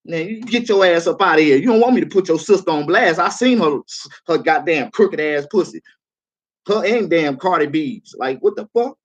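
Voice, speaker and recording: A livestreaming comedian, a man, giving a profane, heated rant that swings from calm to shouting. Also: fairly high pitch, moderate pace, muffled recording.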